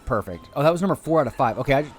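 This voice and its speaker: A man streaming a video game live, chatting excitedly to viewers and cheering on his creatures, with sudden high-pitched exclamations. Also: very fast, husky, soft background music. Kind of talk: live gameplay commentary.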